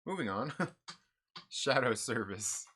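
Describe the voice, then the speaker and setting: Bright, rambling man chatting about comics. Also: mid-range voice, animated, slow, husky. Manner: rambling and upbeat, many "like" fillers. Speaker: comic book channel host. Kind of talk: casual live-stream chat, answering viewer comments.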